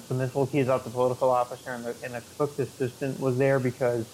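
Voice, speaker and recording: A man's voice: medium pitch, slight background noise, poor audio. A man co-hosting a podcast, talking casually about a movie in a rambling way, with many fillers and restarts. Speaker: podcast co-host. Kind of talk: casual movie review chat.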